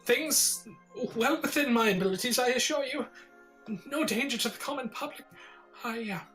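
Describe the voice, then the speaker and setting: A flustered young wizard's apprentice, put on by a man running a tabletop game, who stammers and begs in a voice pushed well above his usual. It sounds bright and anxious, with a soft music bed underneath. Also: brisk. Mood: pleading nervous. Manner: stammering, pleading, voice climbing high.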